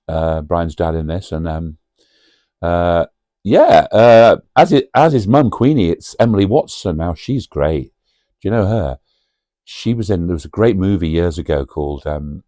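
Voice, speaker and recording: A man's voice: low voice, warm tone, dry recording, clean studio sound. A man hosting a cosy pub-style chat about a film, rambling and chatty with lots of fillers and asides to the viewer. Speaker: video host.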